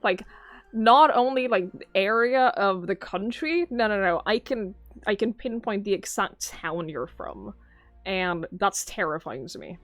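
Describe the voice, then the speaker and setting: A woman's voice: mid-range voice, lively intonation, measured pace, dry recording, faint music behind. A young Norwegian woman with a Norwegian accent in English, chatting casually with her live-stream viewers and reading their messages aloud. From Norway. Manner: chatty, musing aloud, swears casually, reads chat aloud. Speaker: game streamer.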